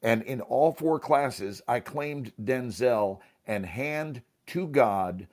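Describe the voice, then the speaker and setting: A man's voice: medium pitch, expressive, takes it slowly, darkish tone. A man, an actor and teacher, telling a motivational story as a guest. He speaks emphatically and acts out the dialogue.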